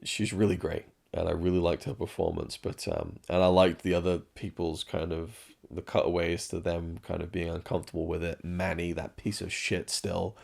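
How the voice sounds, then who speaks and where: A man's voice: sits low, level tone, moderate pace, vocal fry, hardly any pauses, a little mellow. A man giving a rambling, frank spoken review of a show, swearing freely and restarting his sentences often.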